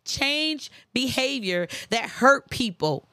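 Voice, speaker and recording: A woman's voice: fairly high pitch, animated, takes it slowly, few pauses, pushed and bright, clear, resonant tone, no echo, studio quality. A woman hosting a casual faith-based talk on forgiveness, chatty and emphatic, repeating phrases for emphasis and breaking into preachy asides. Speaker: host.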